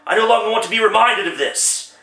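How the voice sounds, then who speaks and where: A man's voice: high-pitched, animated, fairly quick, vocal fry, bright, forceful tone, voice pushed up, heavily acted. A man voicing a grumpy, whiny old miser, grumbling in a one-man comedic radio play. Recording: roomy echo, distant mic.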